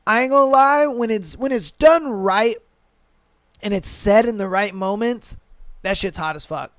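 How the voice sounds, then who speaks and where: A man hosting a podcast, chatting crudely and repeating himself, his voice hoarse. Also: high-pitched, measured pace, no room sound. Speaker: podcast host. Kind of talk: casual chat reading listener stories.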